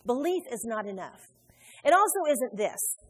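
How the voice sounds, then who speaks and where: A woman preaching a sermon in a church, animated and conversational, joking with her congregation. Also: on the high side, moderate pace, husky. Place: church sanctuary. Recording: long hall reverb.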